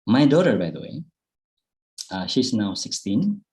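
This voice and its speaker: A man's voice: medium pitch, big pitch swings, unhurried, darkish tone, low-quality recording. A middle-aged Indonesian man with an Indonesian accent, giving an online public speaking talk in a chatty way with fillers and restarts. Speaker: guest speaker. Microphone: video call.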